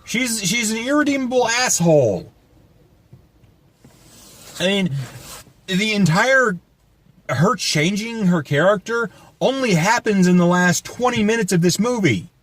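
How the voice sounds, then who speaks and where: Ranting, animated man reviewing a film. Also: high-pitched, unhurried, long pauses. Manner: profane, ranting, sarcastic. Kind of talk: casual movie review chat.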